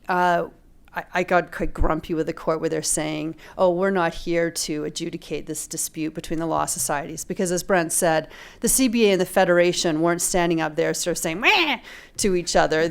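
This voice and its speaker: A middle-aged woman speaking on a legal ethics panel as a law professor, measured and analytical with touches of dry humor. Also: fairly low pitch, smooth. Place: lecture room at a panel event.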